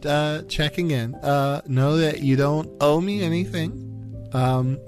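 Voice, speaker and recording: A man voicing a gentle teenage girl who reassures a friend softly, in his own plain voice, with faint music behind. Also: fairly high pitch, slow pace. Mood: reassuring. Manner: soft and reassuring.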